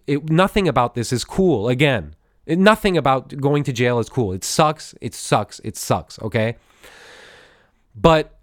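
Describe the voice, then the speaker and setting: A man's voice: fairly high pitch, no echo. A man hosting a podcast, telling a story in a casual, profane, rambling way with many restarts, into a studio microphone. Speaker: podcast host.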